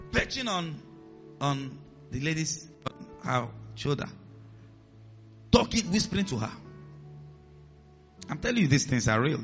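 Male pastor, bright animated preaching voice, slightly muffled recording. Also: on the high side. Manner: animated preaching, acts out voices in the stories, drops to a hiss for commands. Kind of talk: sermon. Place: church hall with a congregation.

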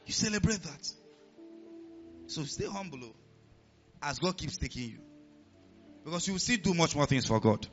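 A man with a Nigerian accent preaching a sermon as pastor, animated and laughing between points. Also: a little high, normal speed, pauses often, highs cut off, soft background music.

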